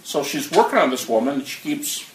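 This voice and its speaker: A man's voice: medium pitch, very animated, brisk. A man giving a conversational, anecdotal talk who acts out the people he quotes. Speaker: speaker on near-death experiences. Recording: roomy, distant mic, faint noise.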